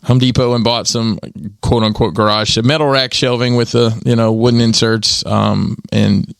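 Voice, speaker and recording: A man's voice: medium pitch, little pitch movement, normal speed, vocal fry, clear, resonant tone, dry recording, studio quality. A man hosting a podcast in casual chat, telling stories in a rambling way with many restarts and chuckles. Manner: rambling storyteller with restarts and laughs. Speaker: podcast host.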